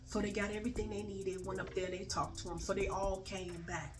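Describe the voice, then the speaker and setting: A woman telling a story in a casual vlog, acting out the dialogue with big swings in pitch and loudness, and swearing freely. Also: level tone, brisk. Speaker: storyteller vlogger. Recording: faint music in the background.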